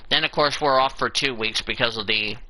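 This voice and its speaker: A man hosts a casual talk show, running down a list and tossing in fed-up remarks. His voice is very bright and sharp. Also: medium pitch, fairly quick, slight background noise, low-quality recording. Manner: reads out a schedule with exasperated asides. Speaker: show host. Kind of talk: casual podcast commentary.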